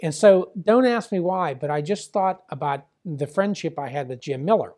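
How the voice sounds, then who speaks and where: Appearing as a guest, this chatty older ex-wrestling promoter from around Pittsburgh tells a long, rambling story at normal speed, leaning on fillers and acting out conversations. He has a mellow voice that runs a little high.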